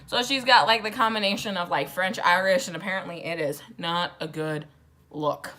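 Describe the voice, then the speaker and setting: A woman's voice: fairly low pitch, moderate pace, bright, forceful tone. A drunk young woman rambling through a casual, profane book summary with sarcastic asides. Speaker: book vlogger.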